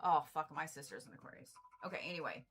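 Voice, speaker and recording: A woman doing a casual livestream card reading, blunt and animated, swearing freely and repeating herself for emphasis. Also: sits low, fast talker, faint music behind. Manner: animated, exasperated asides. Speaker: Reiki and zodiac card reader.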